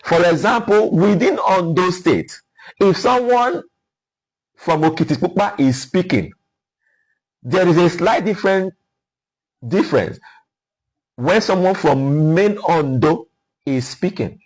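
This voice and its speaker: Nigerian guy, middle-aged, lectures like a teacher, high bouncy voice, kinda husky. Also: expressive, slow pace, long pauses, poor audio. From Nigeria (Ukwuani, Delta). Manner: lecturing, sounds out example words. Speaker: guest. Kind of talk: explaining conversation.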